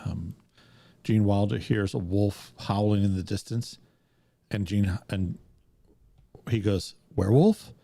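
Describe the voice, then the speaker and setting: A man's voice: fairly low pitch, steady tone, slow, gravelly, long pauses, mellow, dry recording. A man co-hosting a podcast, chatting casually and telling stories in an easygoing way. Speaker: podcast co-host.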